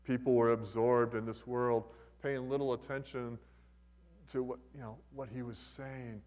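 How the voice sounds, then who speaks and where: A man's voice: medium pitch, little pitch movement, a little slow, a little mellow, long reverb tail. An older man preaching a sermon as a pastor, in a conversational, folksy way with humorous asides.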